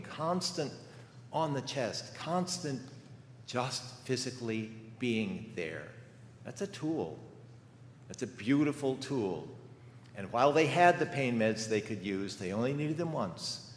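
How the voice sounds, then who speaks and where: A man's voice: medium pitch, slight background noise. An older man giving a sermon as a guest preacher, telling stories in a conversational way with rhetorical questions. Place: church sanctuary. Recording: echoey church hall with faint ambience.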